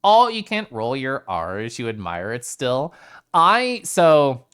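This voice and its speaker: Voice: medium pitch, wildly swooping pitch, slow pace, fairly bright tone, clear, resonant tone. A streamer chatting casually with live chat, playful, reading messages aloud and often rolling R's and making vocal sounds.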